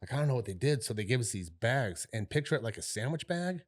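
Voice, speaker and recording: A man's voice: mid-range voice, sing-song, fast talker. A middle-aged man co-hosting a podcast, telling a long story in a casual, rambling way, swearing freely and dropping fillers like "right?" and "you know". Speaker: podcast co-host.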